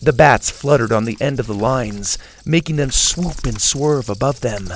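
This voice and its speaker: A man narrating a children's adventure story in an expressive read-aloud manner. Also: mid-range voice, normal speed, slight background noise.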